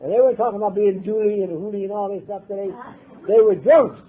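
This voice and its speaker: Older man from Ohio, husky and high-pitched, recovery speaker telling a rough personal story. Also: fast. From Ohio, USA. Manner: blunt, profane storytelling. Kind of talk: personal testimony talk. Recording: tinny lo-fi tape recording.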